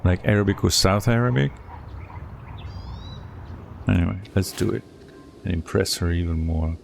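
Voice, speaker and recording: A man's voice: sits low, normal speed, creaky, noisy background. A man playing a strategy game, reading event text aloud with a storyteller's lilt and muttering asides between events. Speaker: let's play streamer.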